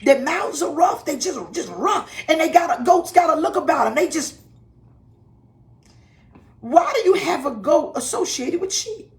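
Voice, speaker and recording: A woman pastor preaching a livestream in a high, swooping voice. She is folksy and animated, chuckling as she goes and repeating her words for emphasis. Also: measured pace. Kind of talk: livestreamed sermon.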